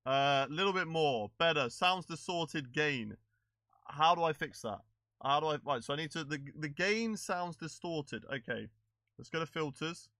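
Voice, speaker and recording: A man's voice: fairly high pitch, expressive, unhurried, sharp tone, no room sound. A man streaming a racing game live, chatting casually with his viewers while he fixes his microphone settings. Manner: chatty, fiddling with settings, checking with chat. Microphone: desk microphone.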